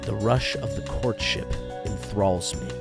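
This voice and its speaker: A man impersonating a male tech tycoon who reads his own writing in a slow, deadpan, clinical monotone. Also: fairly low pitch, vocal fry, loud music behind the voice, voice pushed down. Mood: solemn deadpan.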